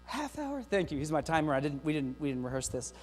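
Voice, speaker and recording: Keynote presenter, middle-aged man, upbeat and joking, highish voice, long echo in a big auditorium, faint hum. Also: fast. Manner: energetic, joking, talks straight to the audience. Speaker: keynote speaker to teachers. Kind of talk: lively conference keynote. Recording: long hall reverb with faint mains hum.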